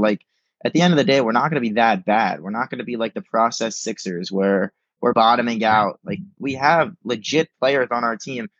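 A young man with a medium-pitched, slightly bright voice joins a casual sports podcast over a remote call, with no echo. He speaks emphatically and repeats words while thinking, and the lo-fi call audio sounds dull.

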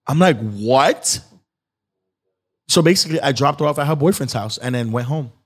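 A man's voice: a little high, fast talker. Guy on a podcast rambling thru a story, acting out what people said. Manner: rambling, animated, acts out quotes. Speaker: guest, skit creator. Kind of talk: casual storytelling.

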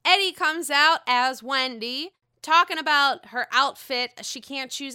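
A woman's voice: high-pitched, unhurried, pushed and bright. A woman casually recapping a reality show, gossiping, swearing freely and often laughing.

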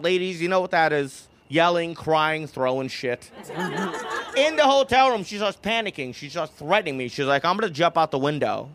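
A man's voice: high-pitched, very noisy. A young man doing a stand-up comedy set in a club. He rambles and keeps laughing at his own jokes. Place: comedy club with live audience.

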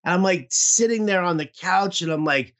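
A man's voice: sits high, moderate pace, fairly bright tone. A man in casual podcast chat, telling a rambling, profane story about his bad fantasy football week while nursing a toothache. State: toothache pain. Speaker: podcast co-host.

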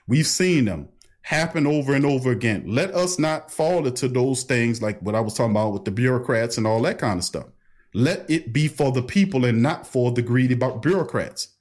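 A middle-aged man, hosting a casual call-in livestream in an animated, preachy way full of street slang. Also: mid-range voice. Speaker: livestream talk host. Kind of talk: casual call-in talk stream.

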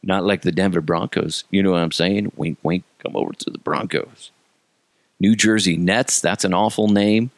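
A man's voice: low-pitched, normal speed, vocal fry, no echo. A man in his thirties from Colorado, hosting a comedic solo rant and mocking things in a sarcastic way. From Colorado, USA. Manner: sarcastic, mocking, jumps into silly voices. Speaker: podcast host.

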